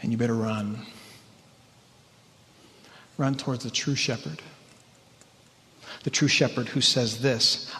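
A man preaching a sermon as pastor, earnest and emphatic, sometimes rising in pitch and sometimes dropping to a hush. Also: fairly even intonation, slow pace, long pauses. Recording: church hall reverb.

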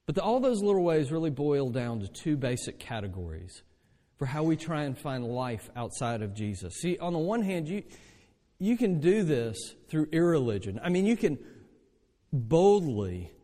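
A man preaching a sermon in a church, his fairly high voice swooping through a wide, lively range. He fires off rhetorical questions and slips into little acted voices for the people he quotes. A long reverb trails behind him in the big hall. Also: normal speed. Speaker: pastor.

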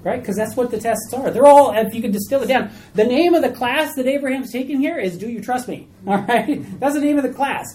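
A woman teaching a small Bible study group in a chatty, animated way, asking questions of the class. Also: high voice, brisk, few pauses, a little hiss or hum, poor audio.

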